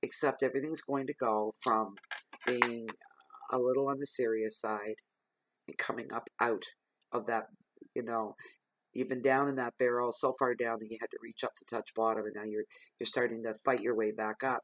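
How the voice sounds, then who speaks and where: A man's voice: mid-range voice, level tone, normal speed, a bit bright, dry recording, low-quality recording. A man giving a general tarot reading, talking straight to his listeners in an earnest, rambling way with frequent ums. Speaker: tarot reader.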